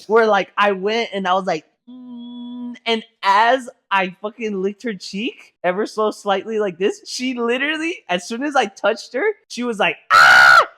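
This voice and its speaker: A woman's voice: medium pitch, normal speed, few pauses. A woman co-hosting a podcast in casual chat, telling a story with lots of swearing and acting out the quotes as she goes. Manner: animated storyteller who swears freely and acts out quotes. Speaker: podcast co-host.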